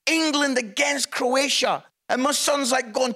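A middle-aged Scottish man with a very high, bright, forceful voice, telling a comic story to a congregation. He is chatty and pokes fun at himself. He builds each anecdote to a punchline. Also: moderate pace, hardly any pauses. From Scotland. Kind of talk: humorous storytelling sermon.

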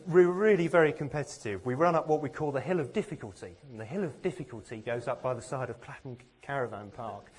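A man's voice: mid-range voice, slightly rough. A man from England giving a sermon, earnest and self-deprecating, with plenty of rhetorical questions. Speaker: preacher.

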